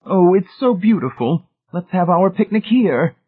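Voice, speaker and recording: A man reading aloud, voicing a bossy middle-aged woman who gushes in a high voice. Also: a little slow, slightly rough. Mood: gushing. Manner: high gushing calls. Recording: tinny phone-like band.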